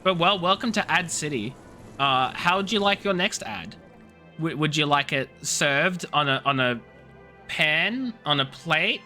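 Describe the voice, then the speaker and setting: Streamer guy, young, lively pitch, very bright tone, teasing chat with faint music behind. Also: measured pace. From Australia. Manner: playful, teasing, rambling with many restarts. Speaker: game streamer. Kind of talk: casual live-stream chat.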